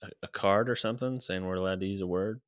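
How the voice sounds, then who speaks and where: A man's voice: low voice, fast. A man from Virginia telling a story in casual chat, laughing often and swearing freely. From Virginia, USA.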